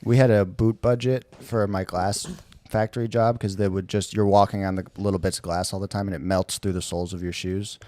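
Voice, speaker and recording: A man's voice: fairly low pitch, steady tone, fairly quick, mellow. A man co-hosting a casual podcast chat, rambling and laid-back with lots of fillers. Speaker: podcast co-host.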